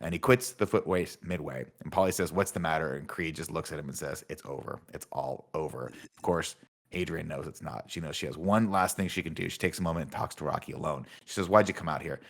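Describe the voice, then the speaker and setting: Deep-voiced man recapping a film. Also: brisk, vocal fry. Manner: deadpan, reads out film dialogue in recaps. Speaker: podcast host recapping a film. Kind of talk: casual recap chat.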